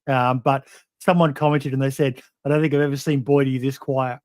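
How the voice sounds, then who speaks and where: A man's voice: medium pitch, little pitch movement, brisk, darkish tone, dry recording. A man hosting a podcast, chatting casually and hesitantly with plenty of "um"s. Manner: hesitant, lots of "um" and "uh". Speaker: podcast host. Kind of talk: casual chat.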